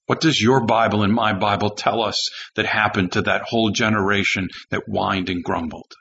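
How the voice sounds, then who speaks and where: A man's voice: fairly low pitch, fairly even intonation, moderate pace, few pauses, sharp tone, highs cut off. A male pastor preaching a sermon with an emphatic, repetitive cadence.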